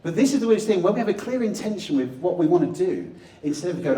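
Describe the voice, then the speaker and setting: A young man delivers a playful motivational talk from a conference stage, swinging his pitch widely as he jokes and leads the room in call-and-response. His tone is mellow rather than bright. He sounds far from the microphone, in a roomy, echoing hall with faint ambient noise behind him. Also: fast. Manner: animated, jokey, leads audience chants. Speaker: motivational speaker and magician. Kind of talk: live stage talk with audience participation. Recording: echoey hall, distant mic, faint ambience.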